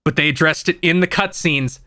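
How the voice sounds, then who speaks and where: A man's voice: on the high side, brisk, sharp tone. A man co-hosting a casual podcast, explaining comic continuity in nerdy detail. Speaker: podcast co-host.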